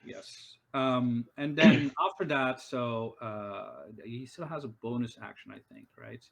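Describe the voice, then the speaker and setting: A man's voice: medium pitch, unhurried, vocal fry. A man acting as game master in an online tabletop game, thinking aloud with many fillers as he runs the rules.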